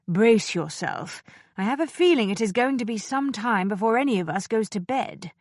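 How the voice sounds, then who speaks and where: A woman voicing a composed gentleman who speaks calmly and evenly, in her own lively, fairly high voice. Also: moderate pace, no room sound, studio quality.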